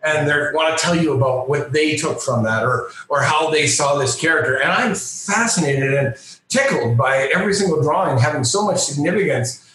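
A man, a comic book artist and guest, telling a lively, self-mocking story in a casual interview. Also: fairly high pitch, normal speed, heavy reverb, rough recording. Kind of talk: animated anecdotal storytelling.

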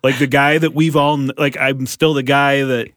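A pastor in casual podcast conversation, speaking earnestly and haltingly with frequent restarts. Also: male voice, medium pitch, little pitch movement, a bit bright, dry recording, studio quality.

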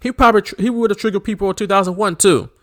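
A man's voice: sits high, rapid-fire. A man co-hosting a podcast, chatting casually with laughs and joking asides. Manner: laughing, animated, mock-shouting bits. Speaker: podcast co-host. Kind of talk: casual chat.

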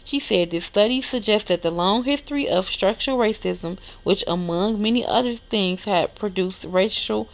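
A woman's voice: medium pitch, normal speed, few pauses. A woman hosting a solo news podcast, reading articles aloud and reacting casually. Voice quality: lisp. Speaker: podcast host.

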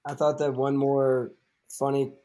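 A man's voice: medium pitch, unhurried. A young man hosting a podcast, chatting casually with many fillers and acting out movie lines in funny voices. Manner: animated, quotes movie lines in put-on voices; many fillers, laughs often. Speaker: podcast host. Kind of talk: casual chat.

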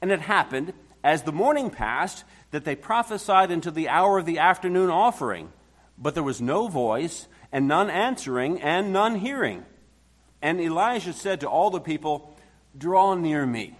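A man's voice: fairly high pitch, expressive, normal speed. A male pastor reading a long scripture passage aloud with dramatic emphasis, then starting his sermon.

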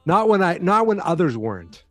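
A man's voice: high voice, big pitch swings, moderate pace, a bit bright, no room sound, faint music behind. Man casually chiming in on a podcast. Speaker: podcast co-host. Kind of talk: casual chat.

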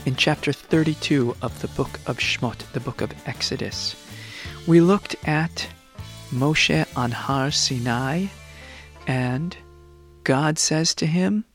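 A man teaching a class on a scripture passage, switching into lively voices for the figures he quotes. His voice sits at a middle pitch, recorded close and dry with no room sound. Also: vocal fry, no echo. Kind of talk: classroom Bible lesson.

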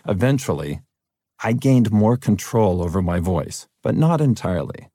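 A middle-aged man from California narrating his own audiobook in an earnest, personal way, his deep voice cracking at times. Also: very animated, normal speed, warm tone, dry recording, studio quality. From Fresno, California. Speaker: author reading his own book.

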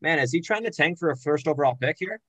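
A man's voice: fairly high pitch, lively intonation, fast talker, fairly bright tone, no echo, rough recording. Young male podcast host, casual and jokey, reading standings; dry close mic. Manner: jokey, rattles off names and standings. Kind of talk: casual sports podcast chat.

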